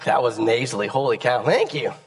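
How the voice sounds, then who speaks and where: A young man preaching a sermon on a church stage, his voice raspy and hoarse from a cold. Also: medium pitch, expressive, brisk. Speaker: pastor. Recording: long church hall reverb.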